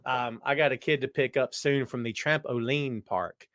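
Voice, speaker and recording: A man hosts a live stream at an easy conversational pitch, his voice worn and tired. He rambles and jokes straight at his viewers, and the sound is dry and close. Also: normal speed, fairly bright tone, no room sound. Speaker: podcast host. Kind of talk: casual live-stream chat. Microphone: webcam setup.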